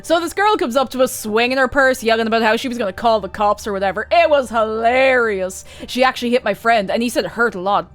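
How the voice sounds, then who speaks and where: A woman voicing a chatty, clueless young man who rambles loudly and gleefully. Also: on the high side, quick pace, hardly any pauses, soft background music, natural voice.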